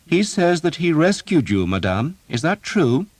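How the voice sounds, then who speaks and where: A man's voice: on the high side, very animated, unhurried, dry recording, voice pushed up. A man reading an audiobook, voicing a confident young prince who questions people sharply and speaks with courtly manners. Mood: demanding. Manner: demanding, then gallant.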